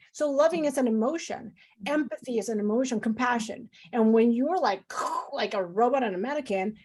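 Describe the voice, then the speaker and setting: A middle-aged woman doctor talking in a loose, effusive way, full of "like" and little asides, who slips into lively quoted voices. Her voice sits a little higher than most. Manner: effusive, talks with lots of fillers, acts out quoted voices. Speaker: physician guest. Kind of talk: casual interview talk.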